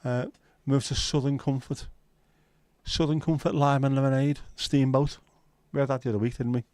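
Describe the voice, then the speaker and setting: A man's voice: medium pitch, steady tone, normal speed, darkish tone, dry recording. Sweary, chatty man livestreaming. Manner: chatty, sweary, reads out viewer comments. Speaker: livestream host. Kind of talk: casual livestream chat. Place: at home, window nearby.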